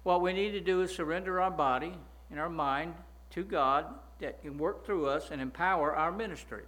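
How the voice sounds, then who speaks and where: A man's voice: on the high side, moderate pace, a bit bright. A man preaching a sermon, emphatic, often stopping to ask his listeners "right?" and repeating words as he goes.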